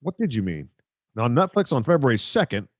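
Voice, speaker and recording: A middle-aged man chats on a live stream in a loose, rambling way, joking and poking fun at himself. His voice sits at an ordinary pitch, close to the microphone in a dry, dead room. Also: very animated, fairly quick, no echo. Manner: rambling, joking, self-mocking. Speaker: sportscaster hosting a live stream. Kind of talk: casual live-stream chat reading viewer comments.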